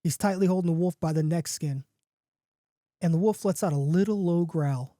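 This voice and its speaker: A man telling his own campfire-style story in a loose, animated podcast manner. His voice is mellow and dark, recorded close and dry with no room echo. He jumps higher when characters get excited. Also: normal speed.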